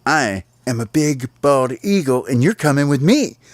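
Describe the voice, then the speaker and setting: Dad doing boastful tiny bird-who-thinks-he's-an-eagle; pitched up, swaggering. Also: lively intonation, normal speed, no echo, studio quality, lightly acted. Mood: cocky. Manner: cocky, bragging.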